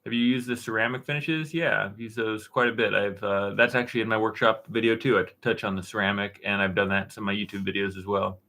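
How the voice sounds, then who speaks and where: A man in his thirties hosting a casual live stream, answering chat questions in a relaxed, rambling way with plenty of fillers and restarts. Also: fairly low pitch, fast, few pauses. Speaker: woodworking channel host answering live chat. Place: dark-painted home studio room.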